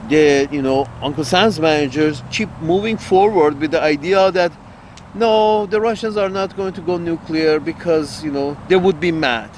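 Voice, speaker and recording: A man's voice: on the high side, moderate pace, slight background noise. A man giving a rambling political monologue to his audience, blunt and crude, repeating himself and laughing at his own jokes. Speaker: online commentator.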